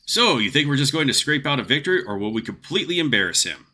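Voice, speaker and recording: A man's voice: medium pitch, sing-song, fast talker, sharp tone, husky, pitched above the performer's own voice, full character voice. A man voicing a cocky, boastful young swordsman from a fantasy game, delivering his lines brashly.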